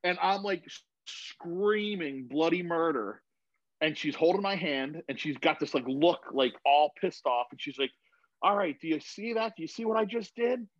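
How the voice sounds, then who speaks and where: A man in his thirties, a lively storyteller who swears freely and mimics the people he quotes. His voice sits a little high for a man and is dry and close, with a dull, slightly lo-fi sound. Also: moderate pace, no echo. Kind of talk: casual chat. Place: home garage.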